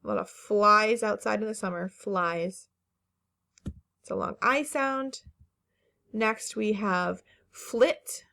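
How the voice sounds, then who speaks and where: A woman teaching a phonics lesson to children, speaking slowly and carefully, stretching each word and encouraging the class. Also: medium pitch, gravelly, sharp tone. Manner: slow, careful word-by-word enunciation; patient and encouraging, with fillers.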